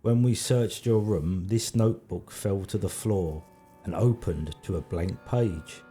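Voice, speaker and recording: A man's voice: low voice, unhurried, warm tone, breathy edge, faint music behind. A man reading as a stern male police inspector in a murder mystery game, asking blunt, probing questions.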